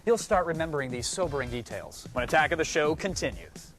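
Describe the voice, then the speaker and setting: A man's voice: fairly high pitch, lively intonation, a little fast. A man reading a punchy, hyped promo announcement for upcoming segments. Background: faint music.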